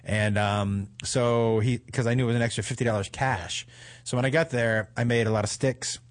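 A man's voice: mid-range voice, steady tone, moderate pace. A middle-aged man hosting a radio talk show, telling funny self-deprecating stories and swearing freely. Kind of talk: casual storytelling chat.

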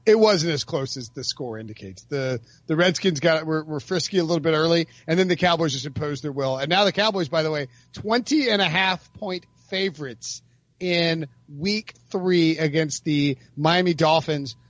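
A man's voice: a little high, normal speed, no room sound. A man hosting a casual sports chat, joking with co-hosts and rattling off game stats. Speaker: podcast host. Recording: dry, dull lo-fi sound.

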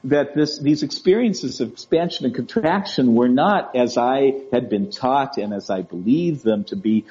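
A man talks gently as an interview guest, in a warm, relaxed voice. He often stumbles over and repeats his words, and he keeps checking in with his listener. The audio sounds dull and lo-fi. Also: medium pitch. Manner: gentle, repeats and restarts words, often asks "right?" and "you know?". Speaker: guest speaker on emotional wellbeing. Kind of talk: conversational interview.

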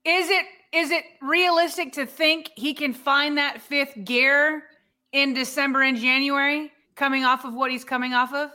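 A woman's voice: high voice, steady tone, moderate pace, bright, forceful tone. A woman co-hosting a sports podcast, chatting casually and building up her questions to a guest. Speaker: podcast co-host.

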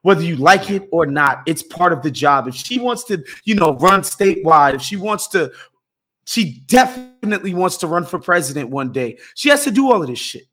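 A man's voice: on the high side, expressive, normal speed, fairly bright tone. A middle-aged man co-hosting a casual political chat, talking in a blunt, emphatic way with lots of swearing. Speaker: podcast co-host.

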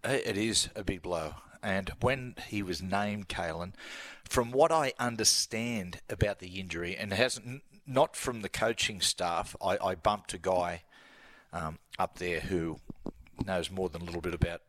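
A man's voice: low voice, measured pace, a bit bright. An Australian man, a sports commentator guest, telling a laughing story in casual radio chat. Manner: yarn-spinning, laughing storyteller.

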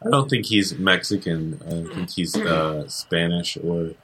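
A man's voice: low-pitched, unhurried, fairly bright tone, breathy edge. A man co-hosting a podcast in casual chat, rambling and joking with lots of fillers. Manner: rambling, jokey, many fillers. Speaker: podcast co-host.

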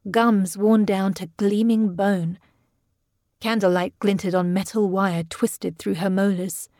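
A woman narrating a gothic story in a measured, even audiobook reading. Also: medium pitch, no echo, clean studio sound. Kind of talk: scripted narration.

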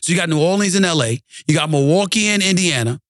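Heated sports-show host, ranting. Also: male voice, fairly high pitch, expressive, quick pace, a bit bright, dry recording, studio quality. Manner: emphatic, heated, repeats for emphasis. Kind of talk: ranting sports commentary monologue.

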